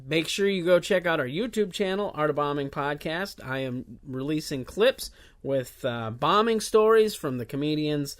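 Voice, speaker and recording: A man's voice: fairly high pitch, animated, moderate pace. Casual rambling podcast host, man. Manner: casual, rambling, many filler uhs. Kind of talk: solo podcast intro announcements.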